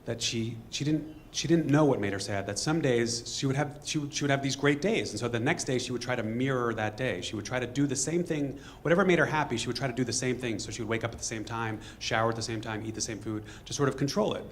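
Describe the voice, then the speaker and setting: A man telling a true story on stage to a live audience in a fast, conversational way, acting out bits of dialogue. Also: medium pitch, slight background noise.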